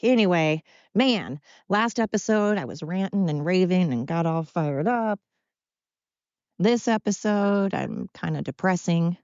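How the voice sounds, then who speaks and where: A woman's voice: lowish voice, animated, measured pace, a little mellow, clean tone, no echo, highs cut off. A tired woman hosting her podcast at home, talking in a rambling, candid monologue. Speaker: podcast host. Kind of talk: casual personal monologue. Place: at home with pets.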